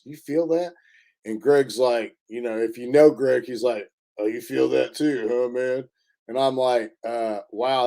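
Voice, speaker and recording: A man telling a story in a casual interview, halting often with fillers and restarts. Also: mid-range voice, dark tone. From Indiana. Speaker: interview guest.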